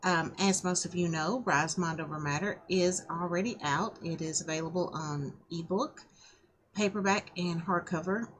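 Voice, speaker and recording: A woman's voice: on the low side, moderate pace. A woman with a scratchy throat, an author reading her own novel aloud after a casual, welcoming intro to her viewers.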